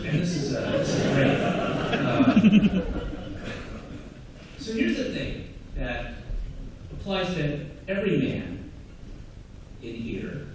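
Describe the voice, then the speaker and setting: A man's voice: fairly high pitch, recorded from a distance. A man performing live stand-up comedy in a sardonic, conversational way, slipping into mocking acted-out asides. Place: large theatre stage. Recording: echoey live theatre recording from afar, audience noise. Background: audience laughter.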